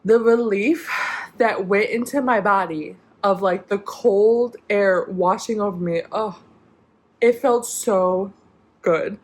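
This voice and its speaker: Young woman vlogger, chatty rambling storyteller. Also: mid-range voice. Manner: rambling, many "like" fillers and restarts. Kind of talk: casual storytime.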